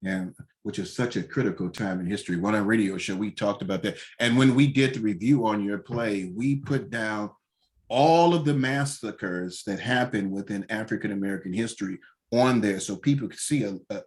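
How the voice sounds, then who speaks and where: A man hosts an interview in a low voice. His talk meanders, with restarts and asides as he steers the conversation. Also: moderate pace, a little mellow. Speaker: host.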